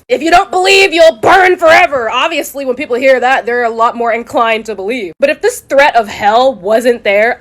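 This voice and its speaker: Young woman, vlogger, blunt commentary, profane, mocking, slightly high voice. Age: young adult. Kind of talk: casual opinionated commentary.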